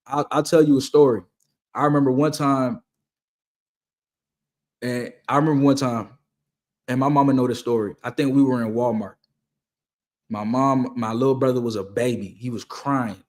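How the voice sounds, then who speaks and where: A young man talks through viewer questions in a relaxed, conversational way. He drops slang and repeats his key lines for emphasis. His voice sits at an ordinary middle pitch. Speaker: host answering viewer questions. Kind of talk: casual motivational Q&A talk.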